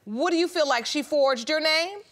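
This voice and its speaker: A woman's voice: high voice, normal speed, a bit bright. A woman presiding as judge on a courtroom show, questioning witnesses firmly and pressing for direct answers. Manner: firm, probing, repeats questions to press for answers. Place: television courtroom set.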